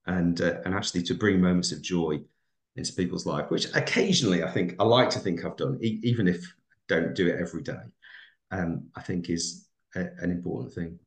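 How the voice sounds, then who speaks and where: Deep-voiced reflective man. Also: brisk, echoey room. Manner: reflective, rambling with fillers. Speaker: podcast co-host and teacher. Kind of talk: casual podcast chat.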